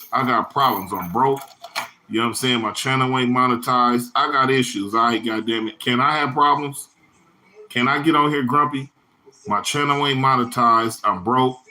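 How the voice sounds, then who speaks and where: A man's voice: medium pitch, bright, forceful tone. A man hosting his own livestream in a loose, rambling, profane way, full of slang and answering viewers' chat comments by name. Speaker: livestream host.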